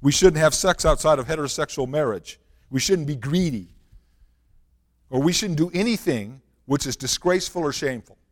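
Man preaching in a reverberant hall. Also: a little high. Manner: earnest preaching with repeated rhetorical questions. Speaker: pastor. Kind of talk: sermon.

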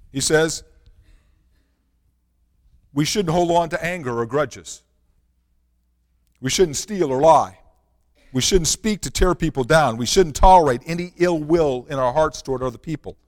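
A man's voice: on the high side, in a large hall. A man preaching a sermon, reading scripture and asking the congregation earnest rhetorical questions. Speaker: pastor.

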